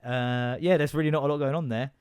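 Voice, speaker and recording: A man's voice: mid-range voice, fairly even intonation, quick pace, a little mellow, smooth. A man, hosting a solo podcast, chatting casually, swearing a lot and laughing often as he jumps from rant to rant. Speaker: podcast host.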